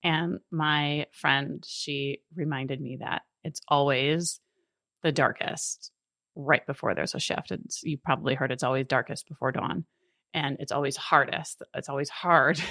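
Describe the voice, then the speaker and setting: A woman's voice: extremely low pitch, gravelly, fairly bright tone, no room sound, clean studio sound. A woman in her thirties hosting a solo coaching podcast, earnest and encouraging, often laughing as she talks. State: briefly emotional.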